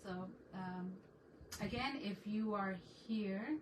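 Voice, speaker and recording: A woman hosting a casual crafting livestream from home, chatting excitedly and greeting viewers in a mix of English and Spanish. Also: medium pitch, slow pace, distant mic, background noise.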